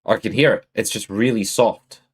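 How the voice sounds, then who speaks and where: A man's voice: lowish voice, steady tone, moderate pace, slightly rough. A man with an Australian accent chatting casually on a live stream, greeting and answering his viewers.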